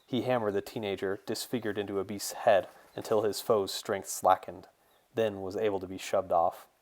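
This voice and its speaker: A man, the author, reading his fantasy novel in a steady, measured storytelling voice. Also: on the low side. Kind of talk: audiobook narration.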